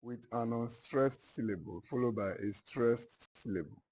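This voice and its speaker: A man teaching literature in a classroom, slowly repeating each point and often checking whether his students follow. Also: mid-range voice, a little mellow, a little hiss or hum, poor audio. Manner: slow, repetitive, checks understanding often. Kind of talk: classroom lecture.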